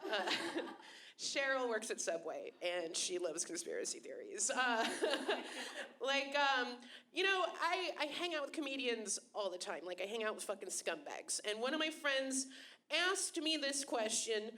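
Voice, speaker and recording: A woman in her thirties hosting a stand-up show in a small venue, self-deprecating and animated, laughing between jokes. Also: fairly high pitch, a little slow. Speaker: stand-up comedian and host. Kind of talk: stand-up comedy set. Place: small comedy venue with a few people.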